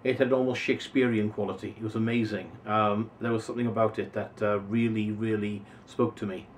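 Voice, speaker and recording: A man's voice: fairly low pitch, brisk. A male voice actor answering interview questions casually, lingering expressively over single words. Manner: expressive, savoring individual words. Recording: voice a bit distant from mic, faint noise.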